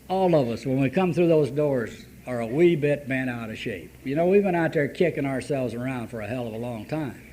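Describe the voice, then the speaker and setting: A man's voice: mid-range voice, a little mellow. An older man telling a plain-spoken, folksy recovery story at an AA meeting. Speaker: AA meeting speaker. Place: meeting room. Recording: old cassette tape with faint hiss.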